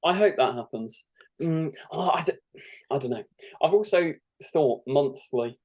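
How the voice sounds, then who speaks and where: A man's voice: on the high side, expressive, unhurried, a little mellow. A young man, a guest in a casual fan chat, eager and acting out imagined lines. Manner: enthusiastic, acts out imagined lines.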